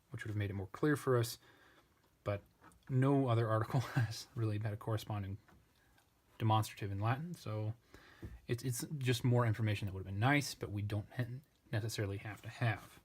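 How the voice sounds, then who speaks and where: Male tutor, lowish voice, methodical, self-correcting walkthrough. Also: slightly rough. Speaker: language tutor. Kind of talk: parsing walkthrough lesson.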